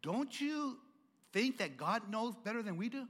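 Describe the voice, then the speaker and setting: A middle-aged man pastor preaching a sermon, stuttering and repeating words, swinging from hushed tones to loud, emphatic passages. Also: high voice, sing-song, a little slow, big-room sound.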